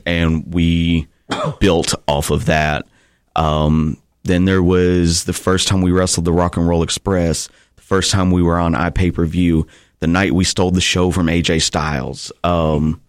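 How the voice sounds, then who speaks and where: Guy, real low voice, laid back wrestling stories, lots of ums, dry mic. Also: smooth, dry recording. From Tennessee, USA. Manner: relaxed storytelling with frequent fillers. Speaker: guest pro wrestler. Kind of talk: casual podcast chat.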